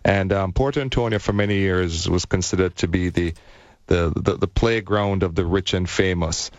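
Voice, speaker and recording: A man's voice: low voice, normal speed, no room sound, muffled recording. A man chatting as a guest on a travel radio show, rambling with many restarts and ums. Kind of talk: casual radio chat.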